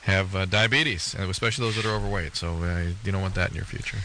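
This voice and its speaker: A man's voice: deep voice, steady tone, fast, background noise. A man co-hosting a call-in radio show as the doctor, asking direct questions and giving clinical advice.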